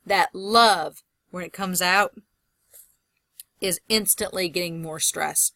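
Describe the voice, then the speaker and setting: A woman's voice: mid-range voice, lively intonation, measured pace, sharp tone, no echo. A woman college instructor talking through a recorded lecture in a conversational way, thinking aloud and stretching out example words.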